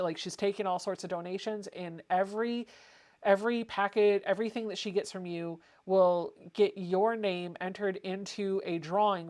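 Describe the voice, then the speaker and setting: Chatty woman hosting a sewing livestream. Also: lowish voice. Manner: chatty, reads viewer comments aloud. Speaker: livestream host. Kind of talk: casual livestream chat.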